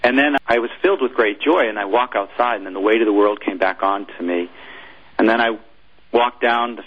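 A former military chaplain, a man, telling a personal story in an interview, halting and repeating words as he goes. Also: fairly low pitch, husky, lo-fi sound.

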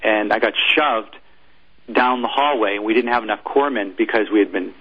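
Guy with a low raspy voice, ex-chaplain telling his story, keeps stopping and repeating himself, kinda muffled lo-fi audio. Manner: halting, restarts and repeats words. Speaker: former military chaplain, interview guest. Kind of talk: personal storytelling in an interview.

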